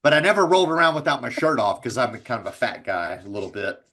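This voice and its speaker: A man's voice: medium pitch, sing-song, fast, a bit bright. A man with a Texas accent, a guest on a casual podcast, telling laid-back stories and swearing freely. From Texas, USA. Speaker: insurance agency owner, guest.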